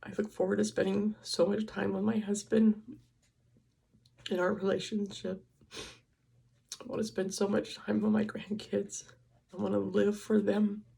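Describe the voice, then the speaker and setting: Tearful older woman with a gravelly voice. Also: medium pitch, little pitch movement, a little slow, pauses often, mellow. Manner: emotional, tearful confiding. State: crying. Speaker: vlogger. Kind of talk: personal vlog.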